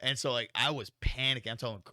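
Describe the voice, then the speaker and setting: A young man co-hosting a podcast tells a story in casual chat, talking fast in a mid-range voice, swearing a lot, and animatedly acting out what people said. The sound is clean studio quality with no room sound.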